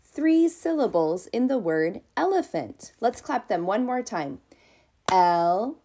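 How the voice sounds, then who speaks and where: A woman preschool teacher speaking to young children in a slow, sing-song, encouraging way, stretching out words as she claps them. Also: fairly high pitch, sing-song, dark tone.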